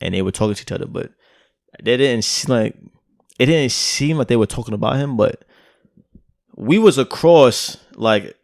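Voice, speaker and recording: A man's voice: mid-range voice, expressive, normal speed, creaky, long pauses, dry recording, studio quality. A man from Brooklyn, co-hosting a podcast and telling a rambling street anecdote in a loose, casual way, full of "like" and "right?". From Brooklyn, New York. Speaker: podcast co-host. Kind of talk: casual storytelling chat.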